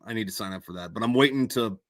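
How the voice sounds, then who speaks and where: With a fairly low voice racing along and no room sound, this man chats casually on a live stream about the books he authored. His talk is meandering and self-mocking, thick with fillers and restarts.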